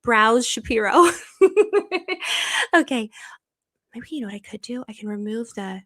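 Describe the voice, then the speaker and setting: A woman's voice: mid-range voice, fairly quick. A woman hosting a live stream, chatting casually and reading viewer comments in a bubbly, effusive way, laughing often and rambling with many restarts.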